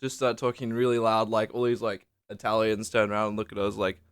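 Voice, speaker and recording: A man's voice: lowish voice, level tone, brisk, smooth, dry recording, studio quality. A young man telling rambling, swear-laden travel stories to camera in a casual vlog, leaning hard on "like". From Australia. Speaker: vlogger. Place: small indoor room under a lamp.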